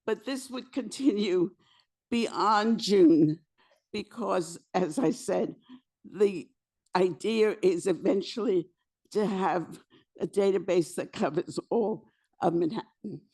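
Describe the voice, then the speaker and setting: Slow, hoarse woman. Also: mid-range voice, mellow. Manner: slow, halting delivery with fillers and restarts. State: losing her voice. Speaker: housing committee co-chair. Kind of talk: public meeting presentation. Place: community board meeting room.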